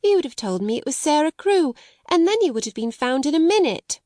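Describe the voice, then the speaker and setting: A woman's voice: high-pitched, very animated, brisk, darkish tone, no room sound, clean studio sound, voice pushed up. Woman doing a regretful young boy. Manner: earnest, regretful. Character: self-reproachful young boy.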